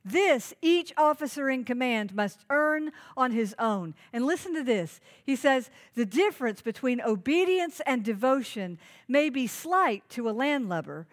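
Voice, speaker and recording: A woman's voice: high-pitched, big pitch swings, a little slow, few pauses. A woman pastor preaching a sermon, earnest and emphatic, asking the congregation questions.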